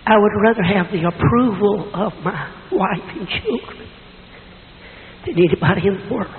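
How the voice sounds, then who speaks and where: A middle-aged man preaching a sermon in a church with a hoarse, weak voice, telling folksy stories with self-deprecating asides. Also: high voice, lively intonation, normal speed. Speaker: visiting preacher. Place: church sanctuary. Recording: tinny echoey church recording with hiss.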